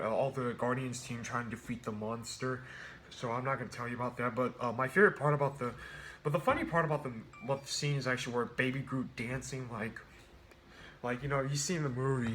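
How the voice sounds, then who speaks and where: A man's voice: mid-range voice, fairly bright tone, slight background noise. A man casually reviewing a film, rambling with many restarts and fillers. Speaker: movie reviewer.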